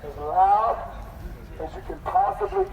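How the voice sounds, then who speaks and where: A man leading a street protest crowd in call-and-response chants, rousing and loud. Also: extremely high pitch, huge pitch swings, a little slow, creaky, phone-quality sound. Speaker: protest leader. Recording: outdoor crowd and street noise.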